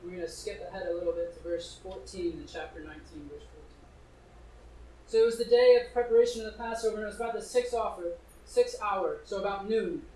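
A man's voice: sits high, a little fast, mellow, slight background noise. A male preacher reading scripture aloud and explaining it in a conversational way, with questions put straight to his listeners. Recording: echoey room, distant mic.

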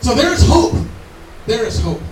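A man's voice: extremely high pitch, very animated, normal speed, slight background noise. A man preaching a sermon in an earnest, conversational way with asides to the congregation. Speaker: pastor. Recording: echoey room, mic from far off.

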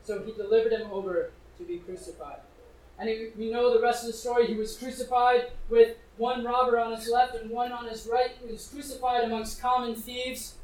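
Reading from scripture and unpacking it in a conversational sermon, a man with a strikingly high voice addresses questions straight to his audience. He is recorded from far off in an echoey room.

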